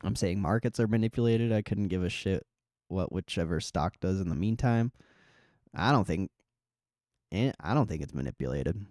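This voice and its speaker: A man's voice: sits low, animated, normal speed, a little mellow, dry recording, clean studio sound. A man hosting a casual livestream, reading viewer comments in a laid-back, swearing, joking way. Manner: laid-back, swears a lot, laughs often. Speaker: livestream host.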